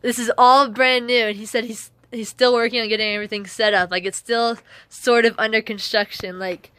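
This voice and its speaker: A woman on a long-distance hike records a casual vlog inside a partly built shelter, tired and emotional, gushing, rambling, and laughing a lot. She sounds a little high and steady in tone, brisk, pushed and bright, with a clear, resonant quality.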